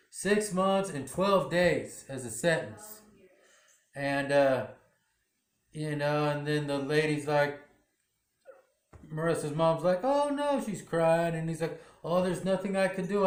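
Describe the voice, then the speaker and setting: A man casually recapping a TV drama episode in a rambling way, full of "you know" fillers. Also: fairly high pitch. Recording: roomy echo.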